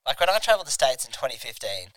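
A man's voice: mid-range voice, big pitch swings, quick pace, a bit bright, no room sound. A young Australian man hosting a casual comedy podcast, rambling and crude as he tells stories. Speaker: podcast host.

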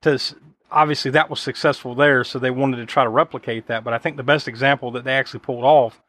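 A man hosts a casual film podcast, rambling through his points with plenty of fillers and swearing. His voice sits in a middle pitch and is recorded close and dry, with no room sound. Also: fairly even intonation, quick pace, fairly bright tone, no room sound. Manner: rambling, profane, with frequent fillers. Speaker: podcast host.

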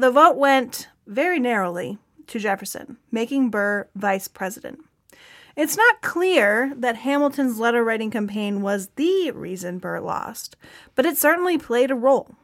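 A woman co-hosting a podcast, reading scripted history narration with casual, lively asides. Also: on the high side. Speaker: podcast co-host.

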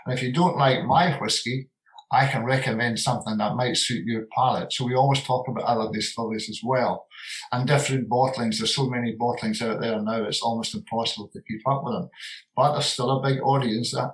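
Older whisky man, mid-pitched, loose and heartfelt interview talk. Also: steady tone, a little fast, low-quality recording. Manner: warm, rambling, repeats words for emphasis. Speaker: retiring distillery manager and whisky blender. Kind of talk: relaxed interview conversation.

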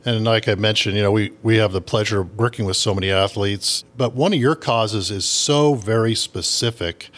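A man hosting a podcast, asking a guest measured questions. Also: lowish voice, a bit bright. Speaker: podcast host. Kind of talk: interview questions.

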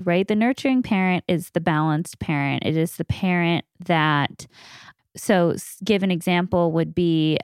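A woman in her thirties hosts the conversation and explains ideas step by step in a teaching manner. Her voice sits a little low and sounds smooth and clear, with a dry, close sound. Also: no echo. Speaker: podcast host. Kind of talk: conversational interview.

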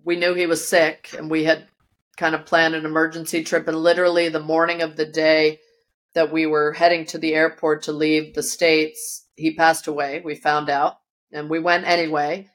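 Low-voiced woman telling a vivid story. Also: little pitch movement, moderate pace. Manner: vivid storyteller who acts out quoted voices. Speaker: guest. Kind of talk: personal storytelling in an interview. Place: her yoga studio.

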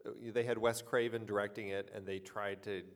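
Brief: male co-host, lower voice, thoughtful, halting delivery. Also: little pitch movement. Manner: hesitant, thoughtful. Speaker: podcast co-host. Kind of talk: casual chat.

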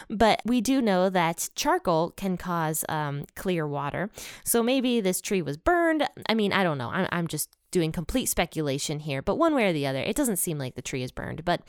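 A woman casually reading and explaining a Bible passage in a chatty, relaxed way, her voice slightly worn. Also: fairly low pitch, clear, resonant tone, no echo, clean studio sound. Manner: chatty and relaxed, with light chuckles and asides. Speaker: Bible study teacher.

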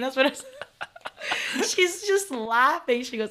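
A young adult woman, a professional golfer, telling lively stories as a podcast guest, loud and animated, laughing often and acting out quotes. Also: high voice, a little slow. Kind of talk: casual interview storytelling.

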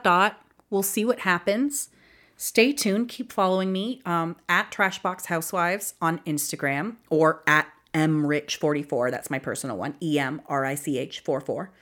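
A woman's voice: on the low side, normal speed, fairly bright tone. A young woman hosting a solo podcast, talking casually and emotionally with lots of fillers and laughs. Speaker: podcast host.

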